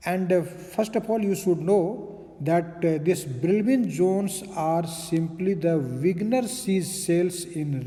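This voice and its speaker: A man's voice: on the high side, mellow, long reverb tail. A man giving a recorded physics lecture, explaining step by step with frequent fillers and "okay".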